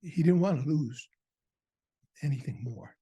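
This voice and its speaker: A man's voice: a little high, unhurried, warm tone, slightly rough. A middle-aged adoptive father telling a personal story at a family event in a conversational way, with frequent fillers and repeated words.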